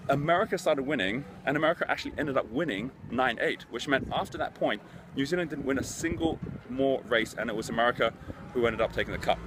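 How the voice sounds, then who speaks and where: With slight background noise behind him, this middle-aged host and business speaker shares stories in a sincere, chatty way during a motivational talk. He has a lowish voice with a fairly bright tone.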